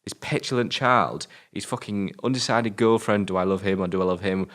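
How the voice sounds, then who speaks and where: British guy on a film podcast, really deep voice, swears a lot, gets ranty. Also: brisk, fairly bright tone. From Britain. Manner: sweary, ranting, exasperated. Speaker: film review podcast co-host. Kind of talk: casual film review chat.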